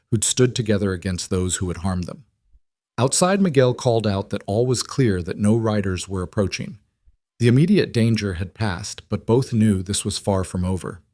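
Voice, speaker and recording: Man, scripted story narration, low voice, dry sound, even and steady. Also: no echo.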